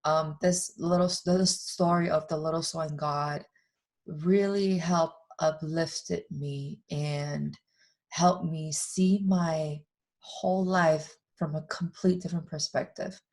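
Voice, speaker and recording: A woman's voice: low-pitched, steady tone, slow, darkish tone. A woman hosting a spiritual talk show, telling a story in an emphatic storytelling way. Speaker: podcast host, life coach. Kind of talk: storytelling chat.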